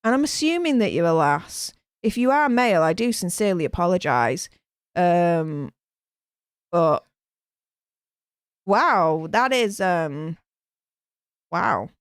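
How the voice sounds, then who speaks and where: A woman hosting a live stream, chatty and animated, reading out viewer comments with lots of fillers. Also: on the low side, slow, pauses often, clear, resonant tone, dry recording, studio quality. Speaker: host reading live chat. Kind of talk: casual live-stream chat.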